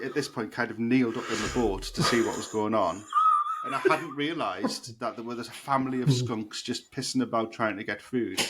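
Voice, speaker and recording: A man co-hosting a podcast, telling a rambling story in casual chat and swearing freely. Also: medium pitch. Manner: animated, swearing, laughing storyteller. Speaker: podcast co-host. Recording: noisy podcast recording.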